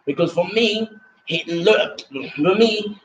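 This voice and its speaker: A man's voice: sits high, takes it slowly. A young man rambling casually about a trip. He repeats himself, keeps restarting sentences and swears casually. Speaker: vlogger reviewing a trip. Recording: roomy, dull lo-fi sound with faint background noise.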